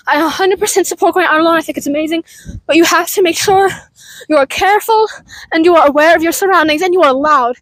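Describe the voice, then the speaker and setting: A woman's voice: extremely high pitch, a little fast, long pauses, a bit bright, dry recording, low-quality recording. A young woman chatting casually while she walks outdoors, rambling with lots of fillers and a little out of breath. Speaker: vlogger. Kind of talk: casual vlog chat while walking. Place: outdoors on a walk.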